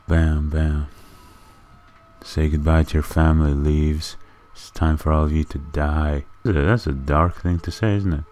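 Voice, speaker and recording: A man's voice: a bass voice, a little mellow, a little hiss or hum. A man giving goofy, rambling commentary while playing a video game, chatting to the animals in it. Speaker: gaming video creator. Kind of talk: casual gameplay commentary.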